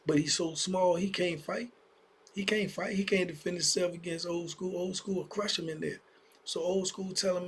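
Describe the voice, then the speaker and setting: A man's voice: high voice, fairly even intonation, normal speed, slight background noise. A man telling prison stories in a casual, conversational way, speaking directly to young listeners. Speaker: storyteller. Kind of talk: casual storytelling vlog.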